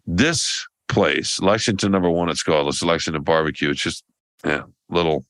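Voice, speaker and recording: Low-voiced man telling a rambling story. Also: moderate pace, fairly bright tone, no echo. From American South. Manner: rambling storyteller with many restarts. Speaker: podcast co-host. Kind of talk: casual chat.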